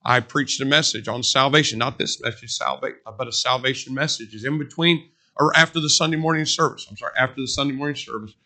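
A man preaches a sermon in a loose, conversational way, drifting into stories and hammering points home through repetition. His voice has a bright, forceful edge and sits at an ordinary middle pitch for a man. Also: quick pace. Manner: conversational storytelling with emphatic repetition.

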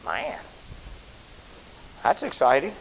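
Casting note: middle-aged male pastor, folksy storyteller, slightly high voice, faint tape hiss. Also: huge pitch swings, slow pace, vocal fry, low-quality recording. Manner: folksy storytelling, swelling to shouted preaching. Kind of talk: sermon storytelling. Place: church auditorium.

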